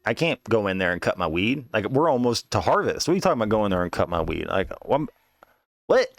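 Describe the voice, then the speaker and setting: With a lowish, creaky voice that swings widely in pitch and moves quickly, a young male podcast host spins a wild story about himself. The casual monologue rambles, swears and keeps restarting, and there's no room sound at all.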